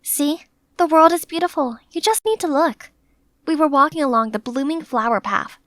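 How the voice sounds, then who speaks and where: Young woman, storybook narrator: high, bright, chatty and dramatic, dry close mic. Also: moderate pace, no echo. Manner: chatty, animated, playfully dramatic. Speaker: narrator and maid character. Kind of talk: scripted first-person story narration.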